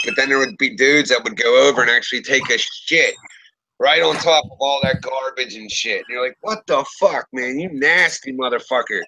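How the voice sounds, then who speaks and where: A man's voice: medium pitch, noisy background. A man from the Pittsburgh area telling profane stories in casual chat, acting out what people said. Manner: profane, animated storyteller acting out quotes. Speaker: podcast host.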